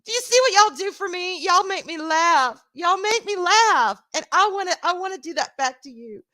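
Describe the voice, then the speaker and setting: A middle-aged woman from the American South with a Southern accent, chatting casually and warmly with her stream audience, laughing often and swearing now and then. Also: extremely high pitch, expressive, moderate pace.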